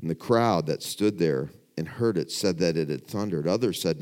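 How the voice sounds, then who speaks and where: Middle-aged male pastor, lowish voice, preaching in church, drops to a hush then builds to emphatic questions. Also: normal speed. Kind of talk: sermon. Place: church before a congregation.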